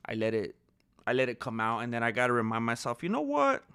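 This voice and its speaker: A male YouTuber casually chatting on a livestream and reading viewer comments, shifting from calm musing to loud disbelief. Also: medium pitch, fast, clean tone, no echo, clean studio sound. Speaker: MMA news YouTuber.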